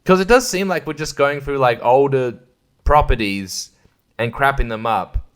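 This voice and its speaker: A man's voice: mid-range voice, lively intonation, normal speed, fairly bright tone, smooth. A man hosting his own podcast, rambling crudely in a casual solo rant and laughing often. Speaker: podcast host.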